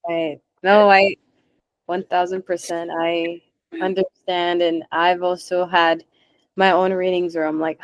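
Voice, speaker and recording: A woman podcast host in casual chat, soft and agreeable. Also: fairly low pitch, little pitch movement, slow pace, no room sound, poor audio.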